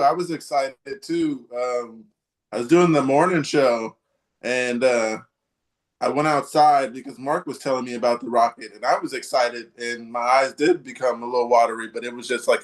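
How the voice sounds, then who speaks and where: A man's voice: mid-range voice, moderate pace. A man hosting a casual live podcast chat, rambling and hesitant, with many ums and restarts. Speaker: podcast host.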